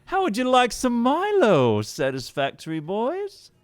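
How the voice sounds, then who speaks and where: A man's voice: very high-pitched, wildly swooping pitch, a little slow, dry recording, faint music behind, voice pushed up, exaggerated voice. A man putting on a to play an upbeat male streamer, his voice swooping up and down. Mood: cheery. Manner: bouncy sing-song, swooping up and down. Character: upbeat male streamer doing a cheery intro.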